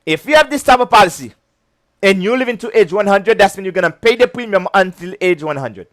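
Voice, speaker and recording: High-voiced chatty male instructor. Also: expressive, a little fast, fairly bright tone, no room sound. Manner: chatty, keeps checking "okay?", breaks into giggles. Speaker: insurance licensing instructor. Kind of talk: casual whiteboard lecture.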